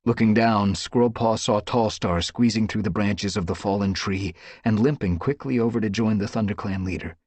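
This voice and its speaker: A man reading a dramatic audiobook story with expressive, dramatic storytelling. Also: fairly low pitch, normal speed, few pauses, no room sound. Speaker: audiobook narrator. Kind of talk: audiobook narration.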